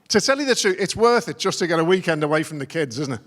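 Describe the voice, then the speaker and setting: A man's voice: fairly high pitch, lively intonation, fast talker, fairly bright tone. A middle-aged man doing a stand-up routine as an after-dinner comedian, telling wry, self-deprecating stories. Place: large conference dinner hall. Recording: long reverb of a large hall.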